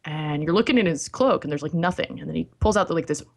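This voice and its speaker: A woman's voice: sits low, lively intonation, fast, gravelly, darkish tone. A young woman co-hosting a casual podcast, giggly and rambling as she spins a silly story. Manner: giggly, rambling, acts out silly voices in stories. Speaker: podcast co-host. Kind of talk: casual chat.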